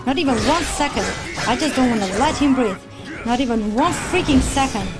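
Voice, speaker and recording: A woman streamer reacting to a video game as she plays, excitable, gasping and yelling at the action. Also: high-pitched, brisk. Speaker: gaming streamer. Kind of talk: let's play reaction. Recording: loud game music behind.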